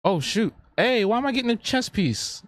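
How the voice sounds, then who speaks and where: A man's voice: sits high, sing-song, normal speed, no echo, clean studio sound. A man hosting a live drawing stream, chatting playfully and answering viewers. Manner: playful, talks back to the chat, repeats himself. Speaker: streamer and artist. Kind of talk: casual live-stream chat.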